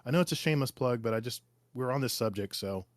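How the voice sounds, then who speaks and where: Male guest, mid-pitched, eager and excitable; dry close mic. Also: quick pace, dry recording. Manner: excitable, emotional, enthusiastic. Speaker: guest podcaster. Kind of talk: casual gaming podcast chat.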